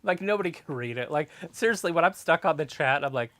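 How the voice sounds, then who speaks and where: A man's voice: a little high, lively intonation, fast talker, a bit bright. A man co-hosting a casual live watch-along stream, making offhand, opinionated and teasing remarks. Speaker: stream co-host.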